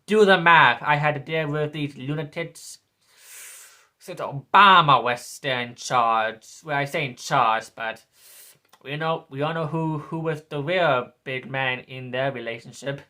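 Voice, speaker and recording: A man's voice: fairly high pitch, measured pace, pushed and bright. A man in his twenties delivering a sneering, repetitive political rant as a vlogger. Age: 20s. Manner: sneering, ranting, repeats himself.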